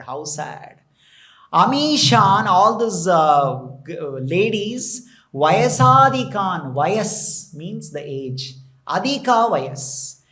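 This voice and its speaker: A man's voice: high-pitched, fairly bright tone. A man with an Indian English accent, telling a scripture story as a temple preacher, with repeated phrases and Sanskrit words mixed in.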